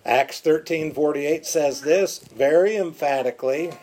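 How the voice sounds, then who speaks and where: With a high voice, this preacher stresses his message through emphatic repetition. He also slips into soft, lingering phrases.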